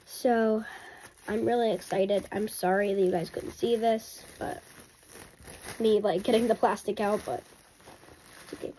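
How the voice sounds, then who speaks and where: A woman vlogger talking in a rambling, excitable and apologetic way during a casual unboxing. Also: medium pitch, unhurried, pauses often, a little hiss or hum.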